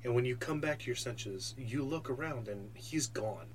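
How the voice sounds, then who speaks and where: A man narrating a tabletop game as game master, with a relaxed, filler-heavy delivery. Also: mid-range voice, normal speed, a little hiss or hum.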